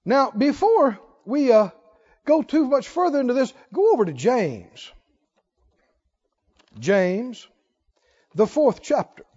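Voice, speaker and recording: A man's voice: very high-pitched, big pitch swings, slow, long pauses, a little mellow, slightly rough. A man preaching a sermon in a church, pressing the congregation with rhetorical questions and emphatic repetition. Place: church sanctuary. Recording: dull sound with long church reverb.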